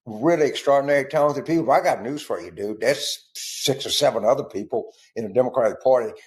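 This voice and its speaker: A man's voice: medium pitch, brisk. Blunt, profane male strategist. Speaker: political strategist. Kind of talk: blunt clip commentary.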